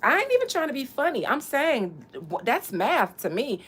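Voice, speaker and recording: A woman's voice: sits high, big pitch swings, moderate pace, fairly bright tone, breathy edge. A woman hosting a podcast, chatting in a casual, profane, comedic way and laughing often. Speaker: podcast host.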